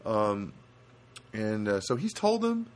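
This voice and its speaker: Rambling man with lively pitch. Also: slow. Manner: rambling, many restarts and asides. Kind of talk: casual storytelling monologue.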